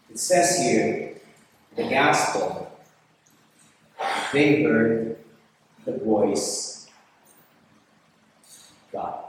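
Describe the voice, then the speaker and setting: A priest delivers a sermon at an unhurried pace, restating each line to drive it home. He is picked up from some distance, and his voice rings through a large, reverberant hall. A faint room hum sits underneath. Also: mid-range voice. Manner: deliberate, repeats phrases for emphasis. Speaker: priest leading a fellowship service. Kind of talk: sermon with scripture reading. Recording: echoey hall from far off, faint room noise.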